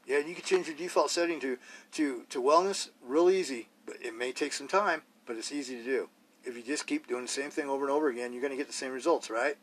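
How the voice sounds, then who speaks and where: A man's voice: mid-range voice, fast talker, a bit bright, husky. A man hosting a solo podcast, talking bluntly and rawly in a rambling way, full of rhetorical questions. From Idaho, US. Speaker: podcast host.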